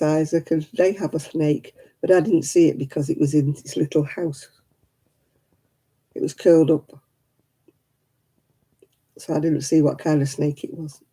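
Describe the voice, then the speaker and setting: Tired lady chatting on her livestream, husky and real mellow, natters to viewers by name. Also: sits low, steady tone, moderate pace, pauses often. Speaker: livestream host. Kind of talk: casual livestream chat.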